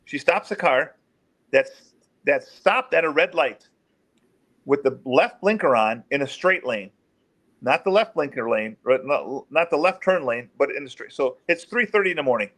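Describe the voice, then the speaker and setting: A middle-aged man, a former police officer, telling case stories in an interview and acting out the quoted voices. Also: normal speed. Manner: animated, acts out quotes in raised pitch. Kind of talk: storytelling in an interview.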